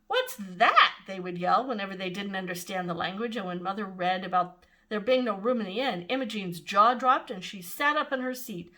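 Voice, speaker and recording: An older woman reading a children's novel aloud in an expressive, animated way. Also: medium pitch, fairly quick. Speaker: storyteller.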